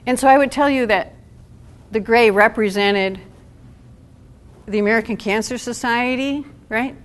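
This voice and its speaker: A woman's voice: fairly high pitch, measured pace. A middle-aged woman giving a talk to an audience at a support event, conversational and asking the room questions.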